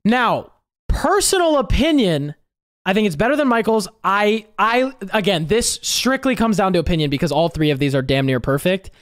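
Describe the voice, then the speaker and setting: A music producer giving casual, emphatic reaction commentary, excitable and given to repeating words and swearing. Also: medium pitch, normal speed, no echo, clean studio sound. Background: game chase music playing faintly.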